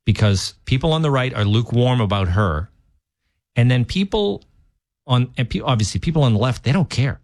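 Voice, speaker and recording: A male fill-in talk radio host offering opinionated political commentary. His pitch is mid-range, and he talks loosely with many restarts. The sound is dry and close to the microphone. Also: lively intonation, normal speed, a little mellow, no room sound. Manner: opinionated, conversational, with frequent restarts.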